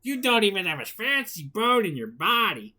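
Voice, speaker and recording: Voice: mid-range voice, sing-song, normal speed, sharp tone, voice pushed up. A storyteller voicing a grumpy adult male squid who scolds and mocks. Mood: scolding. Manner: mocking, scolding.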